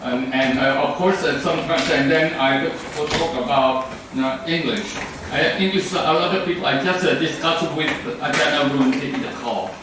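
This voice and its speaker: A Thai man with a Thai accent gives a rambling club speech packed with fillers and restarts, his slightly high voice moving at a moderate pace with barely any pauses. He's captured from far off in a very echoey room with faint noise.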